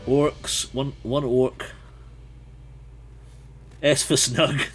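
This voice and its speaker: A man's voice: medium pitch, flat delivery, drawn-out words, faint music behind. A man hosting a livestream as game master, reading a gamebook aloud and chatting with viewers, laughing often and thinking aloud. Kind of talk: reading a gamebook live with chat.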